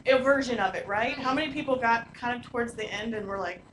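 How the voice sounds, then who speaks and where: A woman leading a teacher workshop, lively and quizzing the audience with questions in a large room. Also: a little high, fast. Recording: echoey room, noisy live recording.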